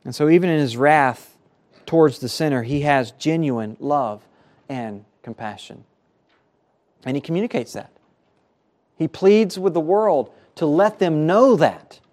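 A man's voice: on the high side, lively intonation, measured pace, pauses often, a little mellow. A man preaching a sermon as pastor, earnest, his voice rising and falling for emphasis, at times repeating words.

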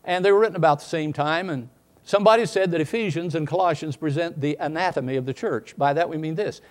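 A man preaching in a slightly high voice. He drops to quiet, low asides and then climbs into loud, emphatic bursts. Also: fast talker. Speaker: pastor. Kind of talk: sermon.

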